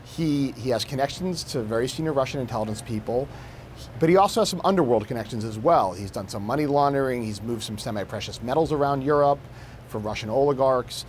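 A man's voice: mid-range voice, animated, fairly quick, darkish tone, slight background noise. A man, a national security correspondent, explaining his reporting as a news interview guest, with fillers and restarts.

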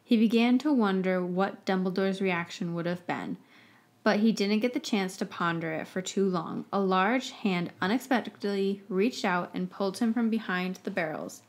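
A woman reads a story aloud as a podcast host, narrating with expressive storytelling. Her voice sits at a middling pitch, steady and clear, and carries the scenes along in long flowing sentences. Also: normal speed. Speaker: podcast host reading fan fiction.

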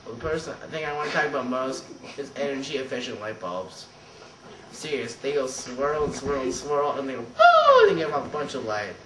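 A man hosting his own vlog, rambling through unscripted random thoughts in a goofy, deadpan way. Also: mid-range voice, fairly quick. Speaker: vlog host. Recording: roomy and distant with faint noise.

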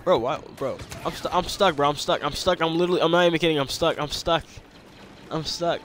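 A young man casually commenting on his own gameplay, excitable and slangy, repeating lines and yelping when he gets attacked. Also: a little high, fairly quick, a little hiss or hum. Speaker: gamer.

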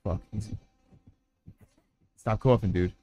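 A man's voice: low voice, slow pace, muffled recording. A man giving live, profane commentary while playing a video game, yelping, cursing and laughing at what happens on screen. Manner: excitable, swears often, yelps and laughs at the game. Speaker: livestreaming gamer.

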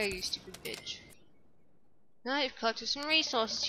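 Bright-voiced woman swearing at her game. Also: fairly high pitch, normal speed, a little hiss or hum. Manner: profane, reacts loudly, insults her character. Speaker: gameplay commentator. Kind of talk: casual let's-play commentary.

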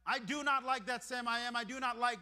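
A man's voice: very high-pitched, fairly even intonation, a little fast, pushed and bright, big-room sound, heavily acted. A man doing a grumpy stubborn picky eater. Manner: stubborn, repetitive chanting.

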